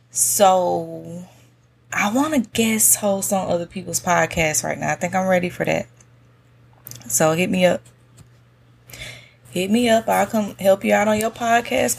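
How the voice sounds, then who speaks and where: Solo podcast host, woman, soft monotone, lowish voice, unhurried laid-back slang. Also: creaky. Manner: relaxed, slangy, many fillers. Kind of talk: casual solo podcast talk. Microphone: podcast mic on a stand.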